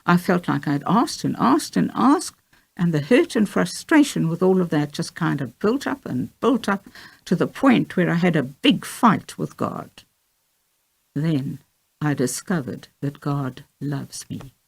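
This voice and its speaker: A woman's voice: deep voice, animated, a little slow, vocal fry, breathy edge, full character voice. A woman reading a young woman with cancer, heartfelt and teary, in an audiobook of a memoir. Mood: reflective.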